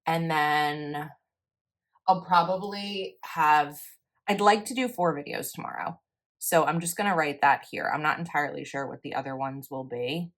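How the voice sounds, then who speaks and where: In a casual planning voice-over, a young planner vlogger with a low voice goes through her planner at a moderate pace. She's chatty and a little rambling, often stopping to correct herself.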